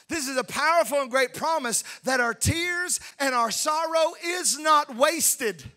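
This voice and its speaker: A man preaching a sermon, fervent, swinging between shouted peaks and hushed tender asides. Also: extremely high pitch. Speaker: pastor. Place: church sanctuary.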